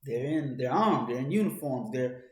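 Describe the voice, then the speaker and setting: A man's voice: mid-range voice, expressive, moderate pace, roomy sound. A man giving a spoken commentary, talking straight to the listener and often restarting his phrases. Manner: talks to the listener in second person, many restarts; grows louder and more urgent as he goes. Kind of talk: monologue commentary.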